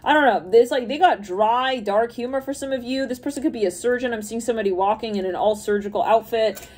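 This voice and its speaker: A woman's voice: fairly high pitch, fast, darkish tone. A woman giving a casual, rambling intuitive card reading, thinking aloud and laughing often. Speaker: tarot reader.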